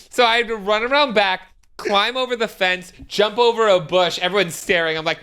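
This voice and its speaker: A young man in his twenties co-hosting a podcast, telling stories in a casual chat and acting out quotes in high squeals. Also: a little fast, hardly any pauses, clear, resonant tone. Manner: animated storyteller, acts out quotes with high squeals. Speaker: podcast co-host.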